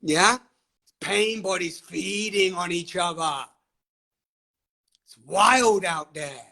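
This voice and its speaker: A man hosts a live online session through a webcam or phone, speaking with fiery, emphatic passion, laughing often and swearing freely. His high voice is slow, creaky, bright, and forceful.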